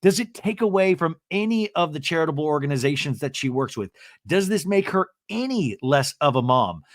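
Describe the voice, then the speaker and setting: Gossipy man, podcast host, slightly high voice, dry close mic. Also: fairly quick, no echo. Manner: chatty, gossipy, acts out quotes in lively voices. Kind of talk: casual recap chat.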